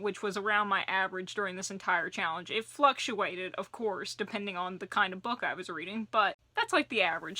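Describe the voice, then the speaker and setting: Young female book vlogger, chatty, bright and crisp voice, dry close sound. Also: mid-range voice, no echo. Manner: chatty and animated, playful asides. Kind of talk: casual vlog talk to camera.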